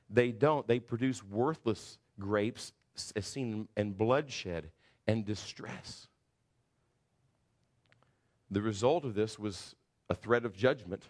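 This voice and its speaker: A man with a somewhat low voice delivers an earnest expository sermon. He talks his listeners through the passage, stumbling and restarting now and then as he explains it. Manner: earnest preaching with restarts and verse readings. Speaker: pastor.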